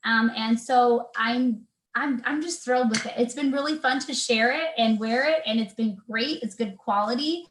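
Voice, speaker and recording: A woman's voice: a little high, moderate pace. Earnest woman on an echoey video call. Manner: earnest, faith-filled, many fillers and restarts. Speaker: guest, personal trainer. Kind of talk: casual video interview chat.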